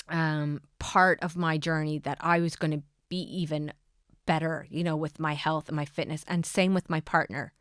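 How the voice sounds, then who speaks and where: A woman's voice: lowish voice, smooth, dry recording, clean studio sound. A woman in her thirties hosting a podcast, giving earnest coaching to listeners and prompting them with repeated questions. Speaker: podcast host.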